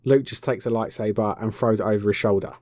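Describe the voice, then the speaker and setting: A man's voice: fairly low pitch, fairly even intonation, quick pace, a little mellow, dry recording, clean studio sound. Sarcastic, swearing man recapping a film. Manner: sarcastic, swears freely, voices characters mockingly. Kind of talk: casual profane film recap.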